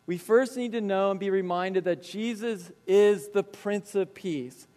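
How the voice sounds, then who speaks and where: A man's voice: sits high, unhurried, in a large hall. A man preaching a sermon as pastor, telling personal stories and acting out the dialogue with animation. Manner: storytelling, animated retelling with quoted dialogue.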